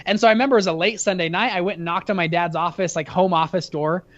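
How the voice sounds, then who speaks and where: A young man in his twenties, an interview guest, telling a story energetically, with many quick restarts. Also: high-pitched, no room sound, highs cut off. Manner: energetic, fast-talking storyteller with frequent restarts. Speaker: guest, fund founder.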